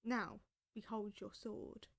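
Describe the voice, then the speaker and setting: Woman reading as a calm old wizard. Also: mid-range voice, vocal fry. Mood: guiding. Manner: quiet and measured.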